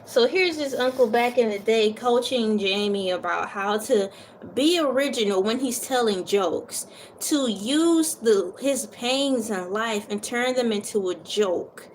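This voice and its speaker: A woman's voice: on the high side, expressive, measured pace, a little hiss or hum. Woman reading a book aloud, casual asides. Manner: stumbles over words, laughs at her own slips; casual asides between read passages. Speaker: book reader.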